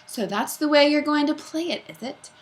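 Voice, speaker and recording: A woman voicing a gruff, suspicious male school principal who barks his questions loudly in a storybook reading. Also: sits high, normal speed, voice pushed up, close to an everyday voice. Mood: interrogating. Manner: barking, loud interrogating.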